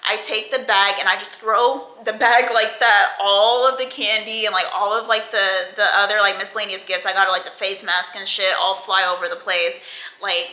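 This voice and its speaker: Young woman, storytime vlogger, very bright tone, echoey room, animated and foul-mouthed. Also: mid-range voice. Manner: animated, profane, acts out quoted lines. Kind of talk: storytime vlog.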